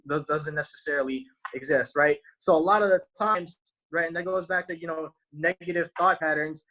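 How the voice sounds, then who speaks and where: In a low-quality recording, a man with a pushed, bright, higher-than-average voice delivers a laid-back motivational talk to his viewers. He is a motivational speaker who uses slang and tacks "right?" onto almost everything he says.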